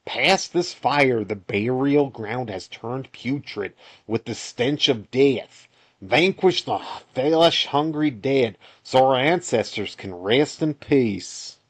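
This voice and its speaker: A man putting on a slow Southern quest-giver. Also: medium pitch, lively intonation, no room sound. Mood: solemn. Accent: Southern US, put on. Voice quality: slow, drawn-out delivery. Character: solemn male quest-giver speaking from a tent.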